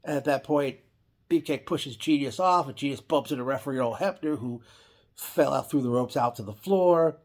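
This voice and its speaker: A man's voice: medium pitch, normal speed. A man casually recapping an old wrestling event, rambling with frequent restarts and self-corrections.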